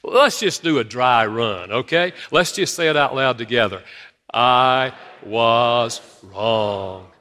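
A man preaching a sermon to his congregation, telling stories from his own marriage in a lively storytelling manner. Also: medium pitch, normal speed, few pauses. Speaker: pastor. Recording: long reverb of a large hall.

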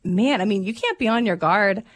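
A woman's voice: medium pitch, lively intonation, a little fast. A woman co-hosting a radio call-in show, chatting casually and telling stories. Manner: chatty storyteller, laughs while telling. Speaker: radio co-host.

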